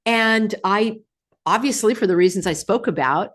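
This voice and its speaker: Middle-aged woman vlogger from California, chatty to camera, jumps up high when emphatic. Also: normal speed. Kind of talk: casual talk to camera.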